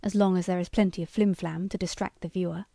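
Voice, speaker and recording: Woman voicing a gruff skeptical colonel. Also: fairly low pitch, steady tone, fast, warm tone, dry recording, studio quality. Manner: blunt, gruff.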